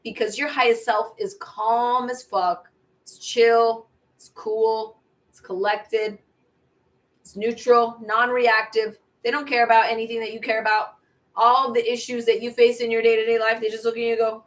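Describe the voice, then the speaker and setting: A woman with a fairly high voice leads viewers through affirmations in a casual, repetitive spiritual pep talk. She chats warmly about meditation and keeps calling her listeners babies, her eyes watering as she speaks. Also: steady tone, moderate pace. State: watery eyes from air purifier. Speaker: tarot reader.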